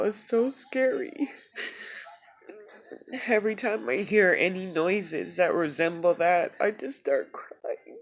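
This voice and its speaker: A woman tearfully talking in a personal video journal, halting and soft-spoken. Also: on the low side, expressive. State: crying. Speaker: vlogger.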